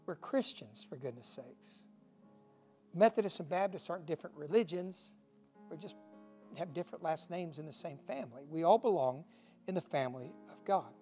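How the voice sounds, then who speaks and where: A man preaching a short devotional in a folksy, earnest way, joking at his own expense now and then. His voice sits a little higher than most men's. Soft music plays faintly behind him. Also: expressive, normal speed. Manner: folksy and earnest, with self-deprecating asides. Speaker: pastor. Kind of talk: short recorded devotional sermon.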